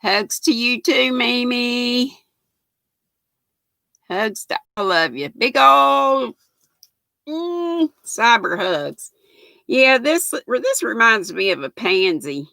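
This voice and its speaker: A woman's voice: fairly high pitch, lively intonation, slow, long pauses, sharp tone, dry recording. An older woman with a Southern US accent, hosting a casual live crafting stream, reading viewer comments and greeting them by name in a folksy, affectionate way. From Southern United States.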